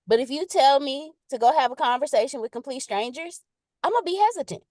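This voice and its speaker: Woman, casual motivational talk, animated and playful, bouncy pitch, dry close recording. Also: brisk, no room sound. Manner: animated and playful, acts out quotes in exaggerated voices; chatty and direct, emphatic repetition. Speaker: speaker in a live leadership session, reading viewer comments.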